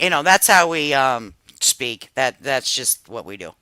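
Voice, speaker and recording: A woman in her fifties hosts a casual livestream chat and tells family stories with frequent swearing and easy laughter. Her voice is bright, and her pitch swings widely as she talks. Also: expressive, moderate pace, few pauses, no room sound, rough recording. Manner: profane, laughing storyteller. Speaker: livestream host.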